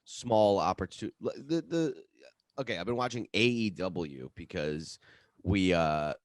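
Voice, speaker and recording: A man's voice: low-pitched, animated, unhurried, no room sound, clean studio sound. A man co-hosting a podcast in casual chat, rambling, stammering and joking. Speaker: podcast co-host.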